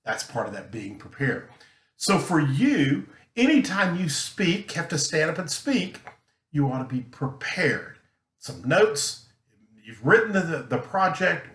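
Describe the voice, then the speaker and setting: A man teaching a recorded lesson, talking earnestly and emphatically, deliberately slowing his delivery. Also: fairly high pitch, a bit bright. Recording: roomy echo.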